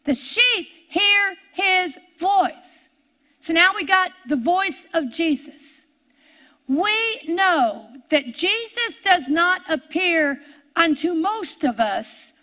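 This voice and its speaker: A woman preaching a sermon with a high, bright, piercing voice. She drives home each point by repeating it, building emphasis as she goes.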